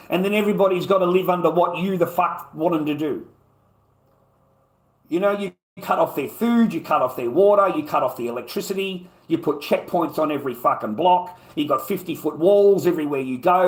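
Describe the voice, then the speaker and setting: A man with an Australian accent, ranting angrily and profanely at an unseen opponent on his livestream. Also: a little high. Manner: angry, profane, lecturing.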